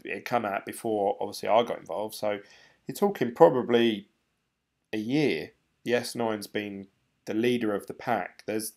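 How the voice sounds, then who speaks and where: A man's voice: on the low side, gravelly, darkish tone. A man chatting casually on a live stream, rambling and laughing often as he reads comments. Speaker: crypto vlogger reading live chat.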